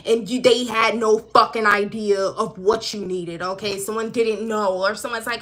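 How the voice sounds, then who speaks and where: A woman reads for her viewers on a live stream. Her voice has a bright, sharp edge. She talks in a blunt, swearing, conversational way that hammers each point home, at a middle pitch. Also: fairly even intonation, moderate pace, few pauses. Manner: emphatic, profane, conversational. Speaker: intuitive card reader. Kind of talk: live-streamed spiritual reading.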